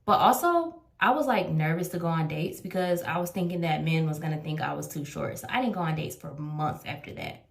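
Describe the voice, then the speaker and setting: Animated woman telling a story time in an echoey room. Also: sits low, a little fast, gravelly, hardly any pauses. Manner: animated, acts out quotes. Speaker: storyteller in clip.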